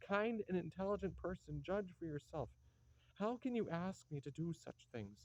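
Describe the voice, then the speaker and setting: A man's voice: high-pitched, animated, normal speed, dry recording. A man voicing a young woman who is the hero's pleading, exhausted fiancée, in a play reading. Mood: anguished. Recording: dull lo-fi dry recording.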